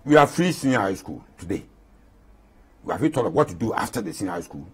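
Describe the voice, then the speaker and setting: A man's voice: lowish voice, big pitch swings, quick pace, breathy edge. A man in his eighties with a Ghanaian accent, an interview guest speaking with passion and repeating points for emphasis. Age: 80s. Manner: impassioned, repeats himself for emphasis.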